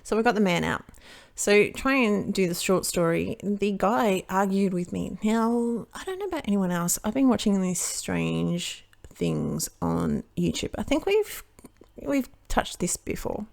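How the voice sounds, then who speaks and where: An Australian woman talks through a crafting vlog in a rambling, chatty way, often breaking off and circling back in her story. Her voice sits at an ordinary pitch for a woman and carries a gravelly, fried edge. She sounds relaxed and conversational. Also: a little slow. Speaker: card-making crafter.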